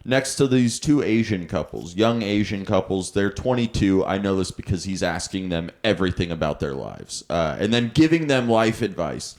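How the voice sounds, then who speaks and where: A man's voice: sits low, lively intonation, normal speed, few pauses, reverberant. A young man co-hosting a podcast, animatedly telling a story and laughing often. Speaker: podcast co-host. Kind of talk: casual storytelling chat.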